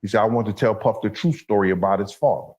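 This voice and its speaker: A man's voice: on the low side, fast talker, a little mellow. A streetwise man holds the floor as an interview guest. His talk comes in long, rambling stories, and he keeps checking in with his listener as he goes. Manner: streetwise, repeats "you understand?". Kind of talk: storytelling in an interview clip.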